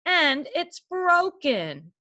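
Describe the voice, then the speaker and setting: A woman voicing a small, upset boy bear from a storybook, in a high, drawn-out voice. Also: sing-song, bright, forceful tone, muffled recording, exaggerated voice.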